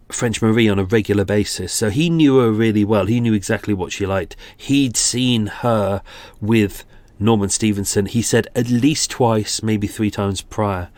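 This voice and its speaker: A man's voice: lowish voice, a little mellow, dry recording. A man in his forties with a British accent, hosting a true-crime podcast in a chatty, self-deprecating way. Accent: British English. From England. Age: 40s. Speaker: podcast host.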